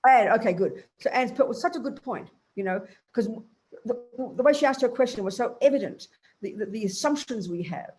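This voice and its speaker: A woman's voice: on the high side, animated, a little fast, a little mellow, soft background music. An older woman, a Buddhist teacher, giving a blunt, emphatic dharma talk to a group and acting out inner voices.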